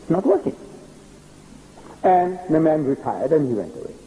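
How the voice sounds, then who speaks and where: An older man, giving an animated public religious lecture and telling stories with acted-out dialogue. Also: fairly high pitch, normal speed, rough recording. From South Africa. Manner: animated storytelling, acting out dialogue. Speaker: preacher.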